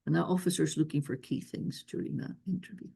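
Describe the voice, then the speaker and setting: Gravelly, husky woman giving earnest advice. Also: low voice, steady tone, fast talker, dark tone. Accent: non-local accent. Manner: earnest, repetitive, emphatic advice. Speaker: visa expert answering questions. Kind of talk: webinar Q&A advice.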